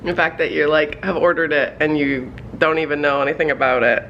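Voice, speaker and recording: A woman in her thirties chatting excitedly to camera at home for her vlog, talking straight to her viewers. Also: sits low, brisk, dull audio, slight background noise. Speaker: vlogger. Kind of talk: casual vlog talk to camera. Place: at home indoors.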